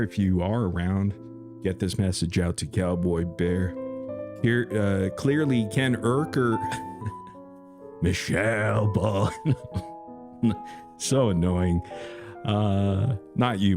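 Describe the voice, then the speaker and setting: Slow, gravelly man hosting a live stream. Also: sits low, over music. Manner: teasing, playful, sing-song crooning at a chatter. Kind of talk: casual live stream chat reading comments.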